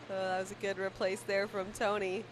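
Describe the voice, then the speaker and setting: A female commentator gives playful play-by-play of a cornhole match, her voice at a middle pitch. Clear background noise runs under the recording throughout. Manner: playful, laughs often between calls. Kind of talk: casual sports commentary. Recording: noisy event recording.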